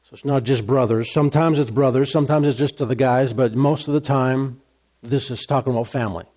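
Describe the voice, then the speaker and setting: A man preaching a sermon, emphatic and repetitive, his voice rising high when he gets excited. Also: a little fast. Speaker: pastor.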